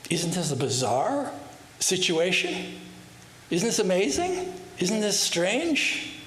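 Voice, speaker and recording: A man giving a spiritual talk, telling parables in an unhurried way and asking rhetorical questions. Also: sits high, huge pitch swings, a bit bright. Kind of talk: sermon with storytelling. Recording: roomy hall with faint hiss.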